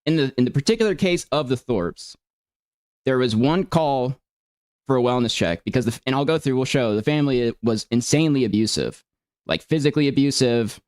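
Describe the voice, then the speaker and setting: A man's voice: mid-range voice, lively intonation, fairly quick, darkish tone, clean tone, no room sound, studio quality. A man talking casually and earnestly while responding to allegations. He rambles and often restarts his sentences. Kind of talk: casual explanatory talk.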